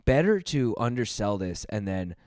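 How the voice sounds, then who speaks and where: A man's voice: fairly low pitch, sing-song, normal speed, a little mellow, no echo, studio quality. A man hosting a casual podcast chat, telling a rude story with lots of swearing and laughter. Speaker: podcast host.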